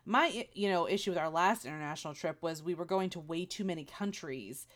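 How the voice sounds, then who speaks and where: A woman's voice: on the low side, brisk, fairly bright tone. A woman co-hosting a podcast, chatting casually, rambling through stories and teasing her co-host. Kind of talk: casual chat.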